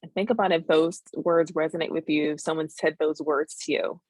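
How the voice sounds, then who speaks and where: A woman therapist leads a webinar in a fairly low, dry voice. She talks earnestly and keeps pausing to check in with "right?". The sound comes over a video call with no room echo. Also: steady tone. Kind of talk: teaching a live webinar.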